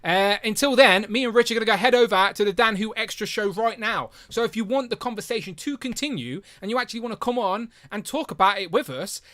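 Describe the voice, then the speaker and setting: A man in his younger years hosts a relaxed live stream, jumping between viewer comments with jokey excitement. His voice is on the high side and cuts through crisply and brightly, close and dry on the mic. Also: fast talker, hardly any pauses, dry recording. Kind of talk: casual live stream chat.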